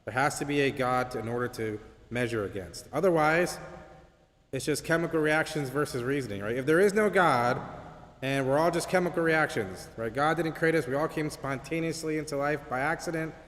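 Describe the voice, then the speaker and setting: A man's voice: fairly high pitch, brisk, a bit bright. A man teaching an apologetics class at a church in a conversational way, often checking in with "right?". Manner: conversational, keeps asking "right?". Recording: long hall reverb.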